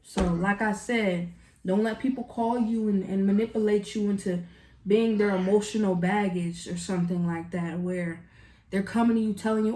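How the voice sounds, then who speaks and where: A woman tarot reader talks directly to the viewer at a normal speed, her mid-range voice a little mellow. The reading is casual, earnest, and emotional, recorded in an echoey room.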